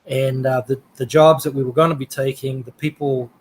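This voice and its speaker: A man's voice: mid-range voice, flat delivery, brisk, breathy edge, poor audio. A man from New Zealand, a guest telling rambling travel stories in a casual interview, laughing now and then.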